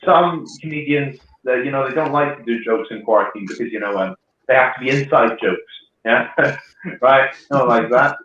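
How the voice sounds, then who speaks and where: A man hosting a comedy show, telling quick punchline jokes and checking in with "right?" and "yeah?". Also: medium pitch, a bit bright, reverberant, muffled recording, a little hiss or hum. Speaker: comedy club host. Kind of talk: stand-up comedy and act introductions.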